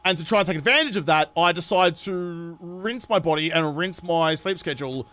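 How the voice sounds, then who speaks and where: A young Australian man casually chats through a gaming stream in a high voice. He sounds worn out and tired, yet keeps up jokey, self-mocking banter. His delivery is normal speed, pushed and bright.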